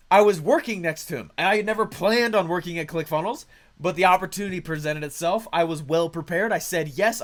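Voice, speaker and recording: High-voiced man telling a lively story. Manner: excitable, checks in often with "okay?" and "right?". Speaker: speaker sharing his career story. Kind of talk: animated storytelling talk to an audience.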